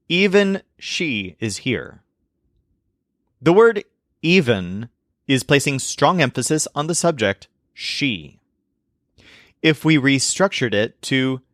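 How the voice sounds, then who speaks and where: Guy teaching a language lesson, really animated voice, clear explaining, dry close recording. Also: mid-range voice, no room sound. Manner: clear explanatory delivery, slows down for example phrases. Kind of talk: scripted lesson narration.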